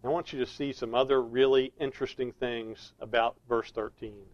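A man preaching an expository sermon, earnestly leaning on key words and slowing down for emphasis. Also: mid-range voice, fairly even intonation, highs cut off.

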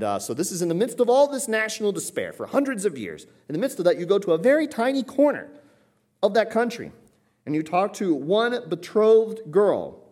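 Man preaching, swings from loud to hushed. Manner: expository, rising to emphatic peaks then dropping low and quiet. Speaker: pastor. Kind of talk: sermon.

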